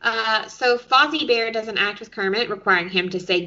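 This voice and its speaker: Woman cohost going thru episode recaps, bright voice, kinda dull lo-fi sound. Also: on the high side, normal speed. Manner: explanatory, recaps sketches step by step. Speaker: podcast co-host. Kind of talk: casual chat recapping episodes.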